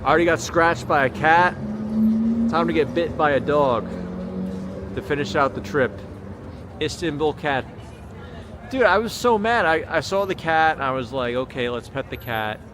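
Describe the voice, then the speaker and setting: Streaming live from a bustling city street after dark, an American man chats animatedly at normal speed in a voice that sits a little high. He rambles easily and keeps stopping to read viewers' comments out loud. Traffic noise from the street comes through clearly on his small handheld camera mic.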